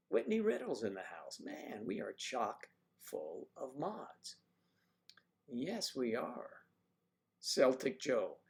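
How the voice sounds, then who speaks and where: Gravelly, animated livestream host. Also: male voice, medium pitch. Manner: chatty, teasing, greets viewers by name. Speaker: livestream host reading viewer chat. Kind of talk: casual livestream chat.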